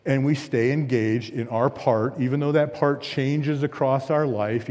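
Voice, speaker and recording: A man's voice: mid-range voice, mellow. A man preaching a sermon as pastor, earnest and emphatic, with repeated phrases and rhetorical questions. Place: church sanctuary. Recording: long reverb of a church hall.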